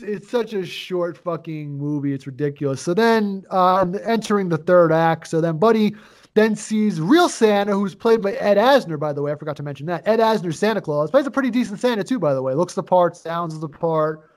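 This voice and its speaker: A man's voice: sits high, moderate pace. A man co-hosting a podcast, casually retelling a movie plot with constant swearing and rambling asides. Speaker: podcast co-host. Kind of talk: casual movie review chat.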